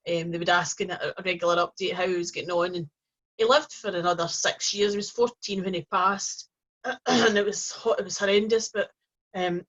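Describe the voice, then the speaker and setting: A woman hosting her own channel, telling a personal story in a gentle, rambling way with many restarts. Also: on the low side. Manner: gentle, rambling, with frequent restarts and soft fillers. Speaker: host. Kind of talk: casual personal storytelling to camera. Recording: dull lo-fi recording.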